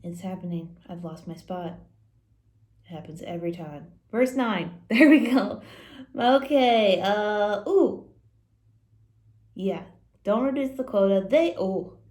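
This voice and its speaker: A woman's voice: medium pitch, lively intonation, measured pace, darkish tone. A woman giving a casual Bible story lesson at church, chatty with playful asides. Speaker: church leader reading scripture. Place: church building. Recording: echoey room.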